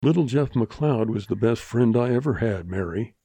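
A man voicing a quiet, steady cowboy hero in a western audiobook. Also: moderate pace, breathy edge, dry recording. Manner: quiet, low-key.

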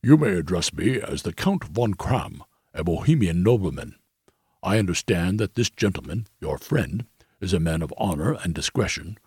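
Man doing a gravelly proud king. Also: low-pitched, no echo, clean studio sound, full character voice. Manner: stately, forceful formal speech. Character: commanding disguised male king, proud, agitated.

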